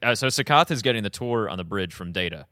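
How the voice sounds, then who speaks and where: Man in his thirties, casual podcast co-host; animated, bright, expressive delivery. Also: lowish voice, fast, no echo, clean studio sound. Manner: animated, laughs often, acts out quotes.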